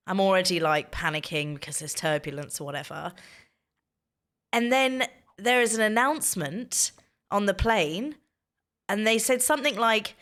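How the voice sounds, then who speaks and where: Woman, thirties, low-pitched voice, casual streamer chat, chatty storyteller. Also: a bit bright.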